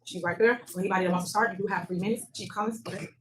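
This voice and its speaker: Fast-talking woman mayor, hoarse. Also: mid-range voice, fairly even intonation. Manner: brisk, informal, rallying the room. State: losing her voice. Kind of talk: town hall meeting announcements. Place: village hall meeting room. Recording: noisy public meeting recording.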